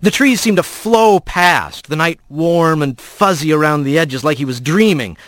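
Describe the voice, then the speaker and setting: A man reads an audiobook in an expressive storytelling style, voicing the characters as he goes. His voice sits a little high and swings widely in pitch. The sound is dry and close. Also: a little slow, dry recording. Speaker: narrator. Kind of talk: scripted audiobook narration.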